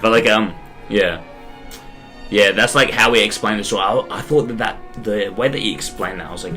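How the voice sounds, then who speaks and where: A man's voice: lowish voice, normal speed, bright, forceful tone, soft background music. A young man chatting casually as a podcast co-host, slangy and swearing. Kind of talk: casual chat.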